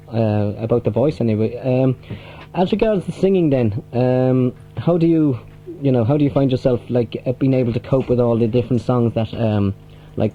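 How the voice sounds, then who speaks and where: A man hosts a local radio interview at an ordinary middle pitch, easygoing, with short acknowledgements between listener questions. His voice comes through a dull, lo-fi old radio tape. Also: dark tone, slight background noise.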